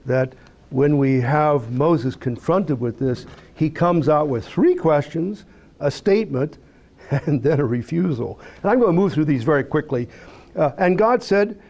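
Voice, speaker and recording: A man's voice: a little high, measured pace. A man teaching a Bible study in a conversational lecture style, reading scripture aloud and asking rhetorical questions. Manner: animated, reads scripture aloud.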